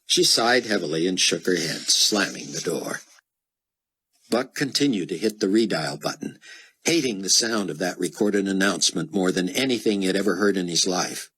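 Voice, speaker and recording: A man narrating an audiobook in an even, steady storytelling manner. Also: low-pitched, normal speed, breathy edge, low-quality recording. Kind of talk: scripted narration.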